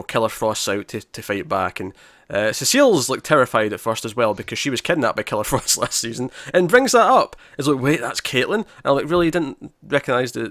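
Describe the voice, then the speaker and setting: A man's voice: medium pitch, no echo, studio quality. A man co-hosting a podcast in casual chat, acting out lines from scenes. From Scotland. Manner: animated, acts out lines from scenes. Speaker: podcast co-host.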